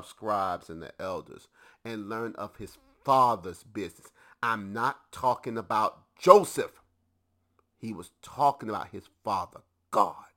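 A man's voice: a little high, sharp tone. A man preaching a teaching sermon to a congregation, emphatic and often putting questions to his listeners.

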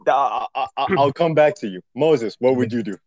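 A man's voice: medium pitch, moderate pace, darkish tone, no echo, dull audio. A man co-hosting a podcast in casual chat, swearing a lot and laughing often. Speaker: podcast co-host.

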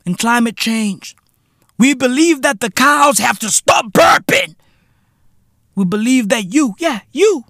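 A smug, greedy male oil-company spokesman, as a man puts him on, sarcastic and mock-sincere. The pitch sits high and swings widely, and the sound is bright with a dry, close feel. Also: no echo, heavily acted.

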